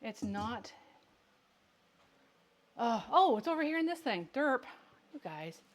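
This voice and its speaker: Woman, somewhat high voice, casual livestream canning host, chatty, muttering to herself as she works. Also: sing-song, slow. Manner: chatty, answers viewer questions, talks to herself while working. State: has the hiccups. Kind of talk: casual livestream cooking chat.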